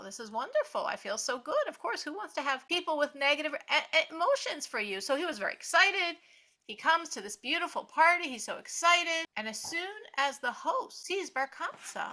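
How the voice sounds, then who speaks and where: Woman Torah teacher, storyteller, lively and bright, voices the characters. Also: sits high, normal speed.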